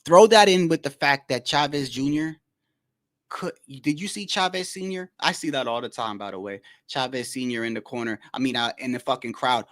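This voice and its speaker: Man, higher voice, forceful, casual commentary, stammering and repeating himself. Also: expressive, brisk. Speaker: boxing channel host.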